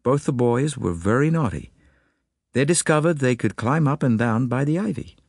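A man's voice: medium pitch, lively intonation, normal speed, a little mellow, breathy edge, dry recording, clean studio sound, voice pushed up. A man voicing a worried mother of two boys, speaking urgently in an audiobook.

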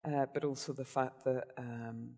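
A man's voice: medium pitch, fairly even intonation, moderate pace, a little mellow. A man hosting a book podcast who talks in an enthusiastic, rambling way. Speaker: podcast host. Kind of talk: casual book discussion. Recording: echoey reverb.

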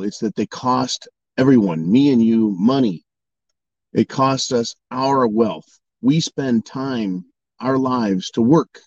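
A man's voice: mid-range voice, warm tone, no room sound, lo-fi sound. A man delivering an angry political monologue, swearing and mocking opponents in sarcastic voices. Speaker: political commentator. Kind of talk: ranting monologue.

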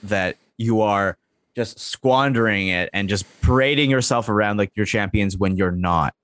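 A man putting on the voice of an earnest veteran woman wrestler in a casual impression, halting and full of filler sounds. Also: on the low side, fairly bright tone, pitched below the performer's own voice, close to an everyday voice.

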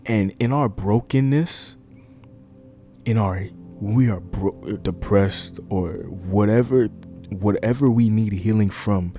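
A man's voice: on the low side, takes it slowly, mellow, soft background music. A man preaching an informal sermon into a microphone, earnest and conversational, repeating key lines and using fillers. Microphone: desk microphone.

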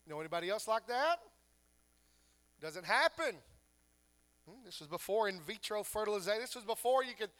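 Male pastor, high bright voice, preaching with emphatic rhetorical questions. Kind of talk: sermon.

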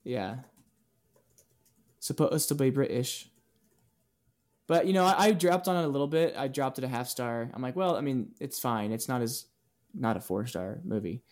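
A man's voice: medium pitch, animated, brisk. A man co-hosting a podcast, rambling with restarts and filler words in casual chat. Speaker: podcast co-host.

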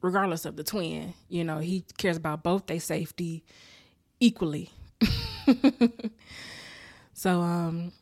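A woman's voice: lowish voice, fairly even intonation, a little slow, pauses often, no echo, studio quality. A woman in casual chat recapping a TV episode, laughing often and acting out the characters' lines. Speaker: show recapper.

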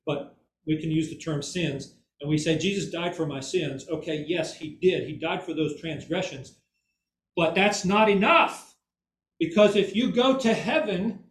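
A man giving an informal Bible teaching who keeps checking in with "okay?" and "right?" and repeats words for emphasis. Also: sits high. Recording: echoey room, mic far off, faint ambience.

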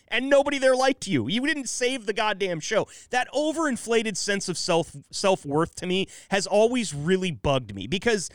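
A man's voice: extremely high pitch, moderate pace, hardly any pauses, clean tone, dry recording. A man hosting a podcast in casual chat, blunt and irritated, swearing freely into a close mic. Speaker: podcast host.

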